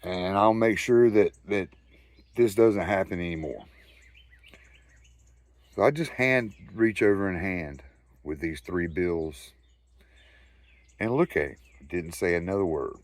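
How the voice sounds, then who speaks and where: Low-voiced Southern US man telling stories. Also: takes it slowly, pauses often, no echo. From Southern United States. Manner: loose, profane, rambling anecdotal delivery. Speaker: storyteller host. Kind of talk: casual spoken storytelling.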